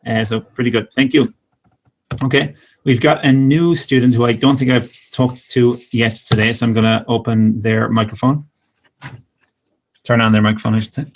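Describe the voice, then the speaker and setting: A man teaching English online, giving patient, encouraging feedback to students and repeating corrections slowly. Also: medium pitch, steady tone. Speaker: English speaking teacher, former exam examiner. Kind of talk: live-streamed speaking feedback. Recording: dull lo-fi stream audio.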